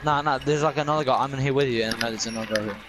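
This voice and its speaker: A man's voice: mid-range voice, noisy background. A young Australian man with a teasing, swearing manner, bantering with friends on a headset while gaming. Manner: teasing, swearing, rapid back-and-forth. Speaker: gamer on voice chat. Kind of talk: casual banter while playing.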